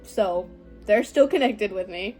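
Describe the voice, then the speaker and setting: A teenage girl speaks to her camera in an unhurried, thoughtful way. Her voice sits at an ordinary middle pitch and often drops to a soft, quiet trail at the end of a phrase. Faint music plays underneath. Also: animated, poor audio. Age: teens. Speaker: vlogger. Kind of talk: casual personal talk to camera.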